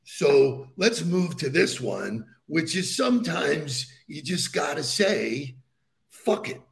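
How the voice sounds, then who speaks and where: A man co-hosting a podcast who leads the topics with enthusiasm. His voice is gravelly and slightly high for a man. He chuckles between his points in casual chat. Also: big pitch swings, slow pace. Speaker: podcast co-host.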